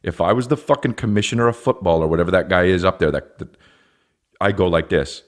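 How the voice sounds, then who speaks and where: A man in his thirties hosting a podcast, ranting comedically with lots of swearing and quick put-on voices. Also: low-pitched. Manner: profane, animated, acts out silly voices. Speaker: podcast host. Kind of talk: comedic rant.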